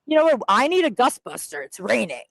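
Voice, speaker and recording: A woman phoning in from outside on a wet city street, her fairly high voice swinging up and down as she hedges and laughs at herself. Bashful and unsure, she keeps stalling, the sound close and dry. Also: sing-song, fairly quick, gravelly, a bit bright, dry recording, poor audio. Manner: self-conscious, laughing, hesitant. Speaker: contestant on a live show. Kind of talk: live phone call from the street. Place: outdoors on a rainy city street.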